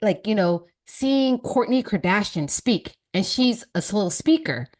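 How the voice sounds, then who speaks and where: A woman's voice: mid-range voice, animated, a little slow, a little mellow. A woman from the United States, a podcast guest, chatting in a playful way and laughing easily. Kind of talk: casual podcast chat.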